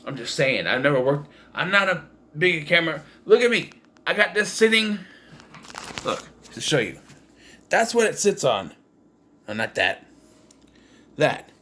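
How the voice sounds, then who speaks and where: A man rants his way through a movie review at home, rambling, blunt and profane, restarting his sentences often. His voice sits fairly high and sounds bright and forceful. He talks straight to a camera propped up on a makeshift stand. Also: big pitch swings, a little slow, pauses often, a little hiss or hum. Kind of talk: casual movie review vlog. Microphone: camera propped on taped-together cases.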